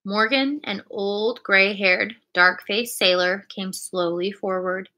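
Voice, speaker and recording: A woman reading a classic adventure storybook aloud in a clear, expressive storytelling manner. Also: mid-range voice, unhurried, few pauses. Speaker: reader.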